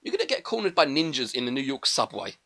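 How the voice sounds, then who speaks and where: Man, podcast co-host, quick jokey film chat, bright tone. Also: medium pitch, gravelly. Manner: quick, animated, jokey ranting. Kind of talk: casual chat reviewing a film.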